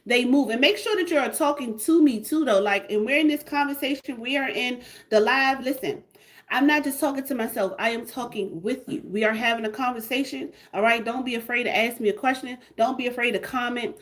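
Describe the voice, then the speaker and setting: Brief: hyped woman host, repetitive livestream sales pitch, voice a touch high. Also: fairly bright tone. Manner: repetitive, hyped, call-and-response. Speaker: livestream host selling a membership.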